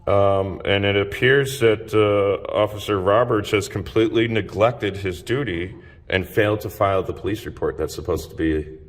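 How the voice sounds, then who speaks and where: A deep-voiced man makes a confrontational records request, stumbling over fillers as he talks. His voice rings with long reverb from a hard lobby. It is picked up by a camera mic in an echoey hall. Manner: halting, full of fillers. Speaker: self-styled press auditor. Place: police station lobby.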